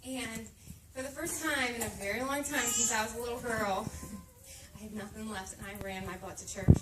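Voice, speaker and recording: Brief: high-pitched woman in her thirties, heartfelt testimony, heard from a distance with noise behind. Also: steady tone, normal speed. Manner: heartfelt, emotional storytelling. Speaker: speaker sharing her testimony. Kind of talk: personal faith testimony to a group. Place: meeting room at a moms' camp. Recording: echoey room, distant mic, background noise.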